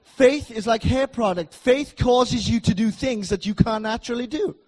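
A middle-aged man preaching a sermon in a church, emphatic and repetitive, swinging between loud declarations and soft asides. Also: extremely high pitch, normal speed.

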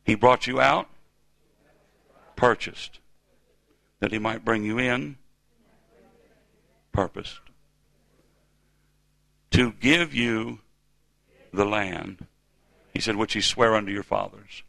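Male preacher, fifties, gravelly voice, bright forceful tone, call-and-response sermon. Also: on the low side, slow, pauses often, no echo. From United States. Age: 50s. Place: church.

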